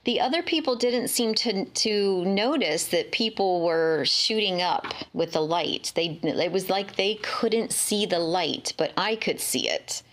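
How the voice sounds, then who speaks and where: A woman recounting a dream in casual spoken testimony, halting and full of fillers and restarts. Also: mid-range voice, expressive.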